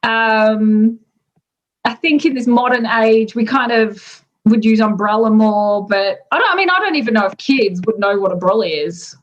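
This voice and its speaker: An Australian woman explaining local slang in a relaxed, chatty way, pausing with ums as she goes. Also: fairly high pitch, dull audio. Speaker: native speaker explaining slang. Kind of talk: casual explanation.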